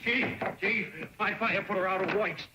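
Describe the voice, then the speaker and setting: An actor playing a brash, scheming inventor husband in a 1930s film comedy, wheedling and pushy. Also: male voice, high-pitched, normal speed, close to an everyday voice. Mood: pleading. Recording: scratchy 1930s film soundtrack with music.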